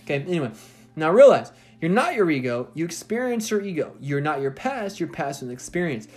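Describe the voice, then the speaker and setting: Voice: medium pitch, lively intonation, quick pace. A spiritual self-help speaker giving a casual motivational monologue, repeating phrases for emphasis and swearing freely.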